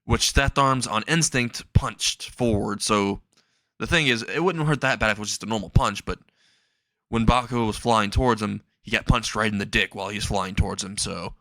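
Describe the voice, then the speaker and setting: A man's voice: lowish voice, normal speed, bright, forceful tone, no room sound, studio quality. A young man casually narrating a comedic fan story, rambling and laughing at his own jokes.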